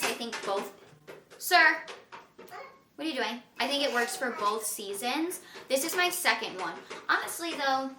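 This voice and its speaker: A woman's voice: a little high, reverberant, noisy background. A young woman vlogging casually at home, chatting and saying "like" a lot as she cooks in her kitchen. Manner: chatty, full of "like" fillers. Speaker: lifestyle vlogger. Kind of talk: casual vlog chat to camera.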